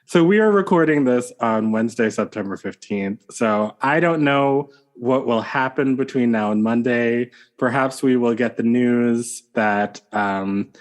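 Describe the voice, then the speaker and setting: A man co-hosting a podcast in casual chat, playful and quick to laugh. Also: mid-range voice. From United States. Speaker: podcast co-host.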